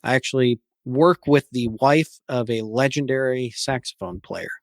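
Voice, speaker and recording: Car podcast cohost guy, dry deadpan jokes, no room sound. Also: medium pitch, moderate pace, dry recording. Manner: dry, wry quips. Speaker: podcast co-host. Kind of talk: casual chat.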